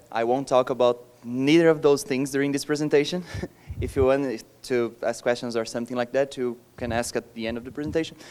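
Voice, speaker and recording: A man's voice: mid-range voice, a little mellow, clean tone. A young man from Brazil with a Brazilian Portuguese accent, giving a conference talk in a joking, self-deprecating way and laughing between lines. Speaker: conference speaker. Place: conference hall.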